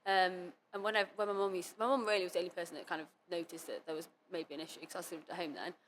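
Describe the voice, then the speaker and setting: Young woman rattling off her story fast, lots of "like", kinda low voice, faint hiss behind. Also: steady tone, a bit bright. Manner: fast, run-on speech full of "like" and quoted self-talk. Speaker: podcast guest, competitive cheerleader. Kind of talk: candid interview talk.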